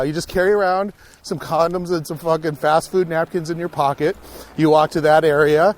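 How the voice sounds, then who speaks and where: A man's voice: on the high side, normal speed. A young man chatting on a walk through a park, telling stories with lots of swearing and acted-out reactions. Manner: animated storyteller, swears a lot, acts out his own reactions. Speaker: podcast guest. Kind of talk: casual chat on a walk. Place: outdoors on a park hiking trail.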